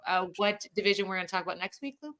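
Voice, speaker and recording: Woman co-hosting a sports pod, bright voice, playful and giggly. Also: medium pitch, expressive. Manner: playful, giggly, quick bursts. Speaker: podcast co-host. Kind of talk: casual sports chat.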